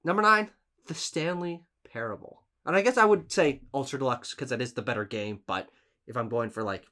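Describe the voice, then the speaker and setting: A man's voice: mid-range voice, fairly quick. A man co-hosting a casual gaming podcast, talking emphatically with frequent restarts. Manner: emphatic, animated list-giving with restarts. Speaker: podcast co-host.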